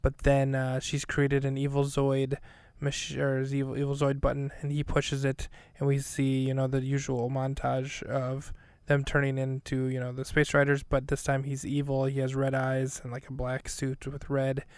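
A man's voice: medium pitch, monotone, moderate pace, clear, resonant tone, no room sound. A man hosting a podcast, recapping an episode in a casual, rambling way, full of fillers and self-corrections. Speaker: podcast host.

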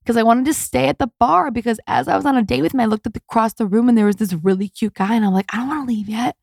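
Chatty woman with a gravelly edge. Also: fairly high pitch, fast talker, no room sound, studio quality. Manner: chatty, candid, animated with quoted voices. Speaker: podcast host. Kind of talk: casual storytelling monologue.

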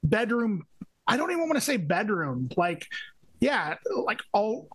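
High-voiced rambling podcast guy. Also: big pitch swings, measured pace, fairly bright tone, slightly rough. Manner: rambling, filler-heavy, searching for words. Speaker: podcast co-host. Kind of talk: casual chat reviewing music.

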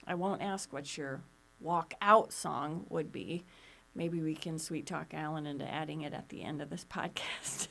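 A woman's voice: low voice, steady tone, a little slow, creaky, fairly bright tone. Upbeat woman hosting a podcast. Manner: friendly, upbeat sign-off with fillers. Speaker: podcast host. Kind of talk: casual podcast chat.

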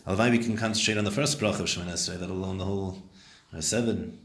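A man's voice: low voice, fairly even intonation, very fast, echoey room. A man teaching a Talmud class, translating Hebrew and Aramaic phrases and questioning his students.

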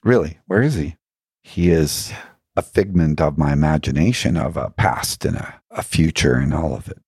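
Deep, husky man, musing earnestly. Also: moderate pace, darkish tone, no room sound, clean studio sound. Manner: earnest, musing, with frequent rhetorical questions; laughs now and then while telling stories. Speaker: podcast guest. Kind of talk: reflective spiritual storytelling.

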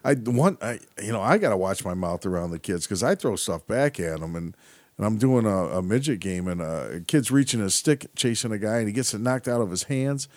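A man's voice: on the low side, expressive, fairly quick, no echo. A man, a hockey referee, telling stories from the ice in casual chat, plain-spoken and laughing. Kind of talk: casual storytelling.

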